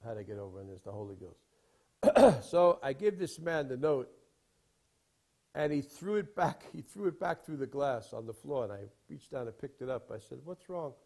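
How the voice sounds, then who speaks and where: A man preaching in a rambling storytelling style, emphatic, with sudden swings from loud to quiet. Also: mid-range voice, big pitch swings, normal speed, creaky. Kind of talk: sermon storytelling.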